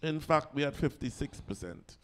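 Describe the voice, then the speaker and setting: A man's voice: a little high, animated, normal speed, fairly bright tone. Jokey man hosting. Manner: jokey, chatty, laughs easily. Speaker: online concert host. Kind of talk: live show hosting.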